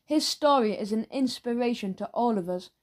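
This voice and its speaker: A woman's voice: a little high, lively intonation, moderate pace, natural voice. A woman voicing an overly eager, chatty male newsagent who keeps pushing sweets in a salesy, fawning way.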